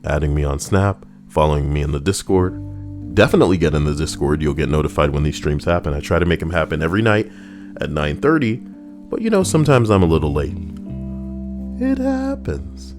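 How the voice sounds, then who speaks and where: A man hosting a casual reaction stream, talking in a slangy, animated way and swearing freely. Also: a bass voice, fast, music in the background. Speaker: streamer host.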